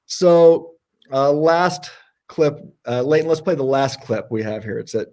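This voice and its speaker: A man co-hosting a casual livestream debate, talking in an animated, sarcastic way. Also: unhurried. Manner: animated and sarcastic, jumps in pitch for emphasis. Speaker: co-host.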